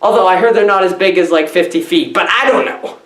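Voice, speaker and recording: A woman giving a rambling comic film review, loud and scattered, jumping between silly asides and squealed quotes. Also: fairly low pitch, fairly quick, echoey room. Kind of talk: rambling deadpan comedy review.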